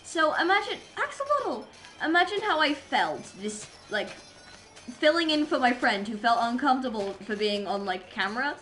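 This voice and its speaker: Young woman, streamer, excitable and rambling, fairly high pitch, soft music underneath. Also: moderate pace. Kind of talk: casual chat while gaming. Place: home streaming setup.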